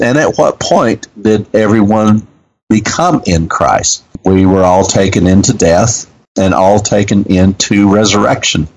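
A man teaching on scripture in an earnest, measured way, pausing often with fillers. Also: low-pitched, poor audio. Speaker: Bible teacher. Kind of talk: radio Bible Q&A talk.

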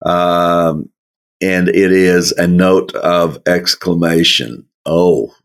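A man leading a verse-by-verse Bible study, speaking in a slow, folksy way with chuckling asides. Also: low voice, fairly even intonation, fairly bright tone. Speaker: Bible teacher.

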